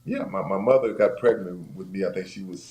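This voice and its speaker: A very deep-voiced man talking as a guest in a casual chat. He tells his stories with energy, slipping into the voices of the people he quotes. His voice bounces around an echoey room with a faint hum of noise behind it. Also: brisk. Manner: animated storyteller who acts out quoted voices. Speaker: guest, retired football player. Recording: roomy echo, faint background noise.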